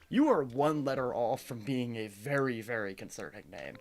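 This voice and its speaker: A man streaming a video game who chats casually and jokes with his chat in an animated, rambling way. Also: medium pitch, normal speed, hardly any pauses.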